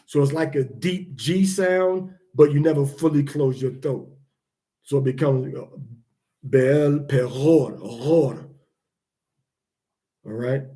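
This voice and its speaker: A man teaching the pronunciation of scripture words, repeating each sound slowly to demonstrate it. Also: fairly high pitch, a little mellow.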